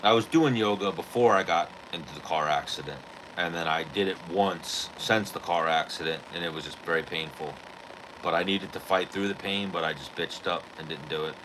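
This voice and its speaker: A man's voice: sits low, normal speed, background noise. A man hosting a podcast, telling a story in casual, rambling chat full of swearing and "like". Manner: rambling, profane, heavy on "like". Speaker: podcast host.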